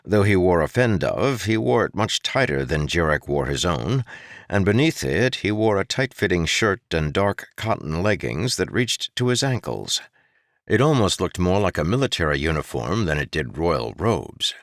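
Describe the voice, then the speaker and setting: A man reads a fantasy audiobook in a very low voice. His delivery moves expressively up and down as he tells the story. The studio sound is close and dry. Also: big pitch swings, normal speed, no room sound. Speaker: audiobook narrator. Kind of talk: scripted fantasy audiobook narration.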